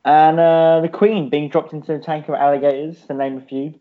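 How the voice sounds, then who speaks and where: A man's voice: fairly high pitch, flat delivery, fairly quick. Rambling, swearing man on a podcast. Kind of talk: casual chat. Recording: dull lo-fi sound.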